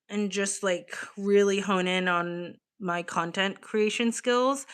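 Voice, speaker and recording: A woman's voice: lowish voice, sharp tone, clear, resonant tone. Chatty, swearing woman streamer. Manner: chatty, swears freely, reads chat aloud. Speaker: live streamer. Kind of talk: casual livestream chat. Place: home, evening.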